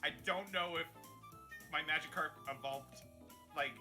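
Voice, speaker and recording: A player in a tabletop game, animated and giggly. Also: mid-range voice, moderate pace, soft background music.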